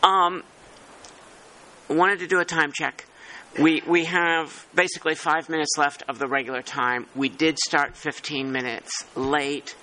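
A man chairing a working group meeting, talking in halting, thinking-aloud phrases with many restarts. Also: a little high, level tone, pushed and bright, poor audio. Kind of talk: meeting discussion.

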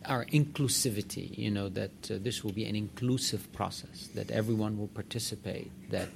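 A man's voice: fairly low pitch, normal speed, gravelly, background noise. A man executive giving direct, emphatic remarks to a meeting. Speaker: organization executive addressing a meeting. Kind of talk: conference remarks.

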